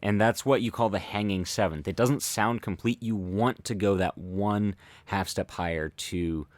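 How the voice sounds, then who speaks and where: Deep-voiced man explaining with many fillers. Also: fairly even intonation, no room sound, studio quality. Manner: thoughtful, halting, many fillers and restarts. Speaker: host analyzing body language. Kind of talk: casual explanatory commentary.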